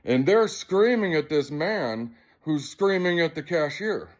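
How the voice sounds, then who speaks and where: Male vlogger, slightly high voice, heated and profane, rambling casual storytelling. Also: animated, a little slow. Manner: agitated, profane, rambling retelling.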